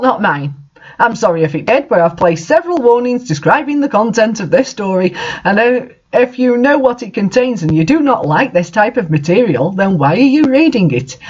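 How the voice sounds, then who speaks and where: A reader giving a mock-dramatic reading of an author's note, theatrical, with sudden shouted outbursts. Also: mid-range voice, husky, lo-fi sound. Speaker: reader of fan fiction.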